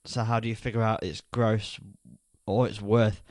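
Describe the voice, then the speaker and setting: A man's voice: lowish voice, flat delivery, normal speed, a little mellow, no echo, clean studio sound. A man in his thirties co-hosting a podcast, chatty and rambling, laughing often. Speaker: podcast co-host. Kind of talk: casual podcast chat.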